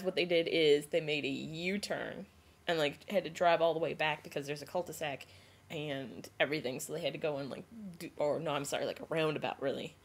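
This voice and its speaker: Young woman vlogging, kinda low voice, rambly and animated, says like a ton, filmed herself. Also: slightly rough. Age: young adult. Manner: rambling, animated retelling full of "like" and restarts. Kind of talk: casual storytelling vlog.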